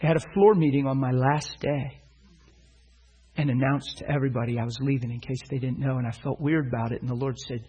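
A man's voice: mid-range voice, steady tone, a little fast, darkish tone, breathy edge, dull audio. A middle-aged man preaching, telling a personal story and acting out the dialogue with animation. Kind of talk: sermon storytelling.

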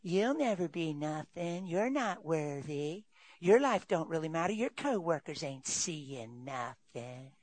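A man doing a sly, hushed little imp. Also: big pitch swings. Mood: taunting. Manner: low, hushed and slow, taunting. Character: sly little male imp whispering condemnation.

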